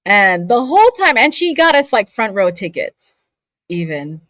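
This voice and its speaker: A voice actor guest who grew up between California, Saudi Arabia and Scotland tells stories expressively in a casual interview, laughing often. Her mid-range voice moves a little slowly, and the recording is dry.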